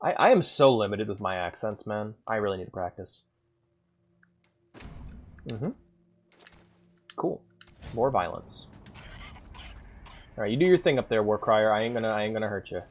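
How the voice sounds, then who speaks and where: A streamer giving casual, excited gameplay commentary, swearing and laughing often. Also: mid-range voice, moderate pace, pauses often, a little hiss or hum. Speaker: game streamer.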